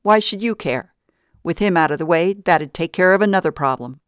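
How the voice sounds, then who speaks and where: A woman's voice: sits low, moderate pace, no echo, studio quality, lightly acted. A woman voicing a harsh, bossy female kidnapper in an audiobook, with a curt, commanding manner. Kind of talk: audiobook narration.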